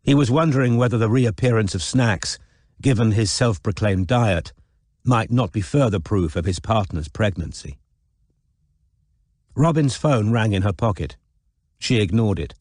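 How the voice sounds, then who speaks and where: A man narrating a novel in an audiobook in a measured, even reading. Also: on the low side, no room sound, studio quality. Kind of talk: scripted narration.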